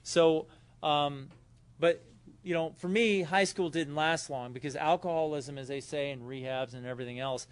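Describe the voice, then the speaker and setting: Man with a Southern California accent, a little high-pitched, tells a loose, rambling recovery story at a meeting. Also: moderate pace, clean tone. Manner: loose, rambling, acts out quotes loudly. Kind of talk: personal story told to a meeting. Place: hotel meeting room.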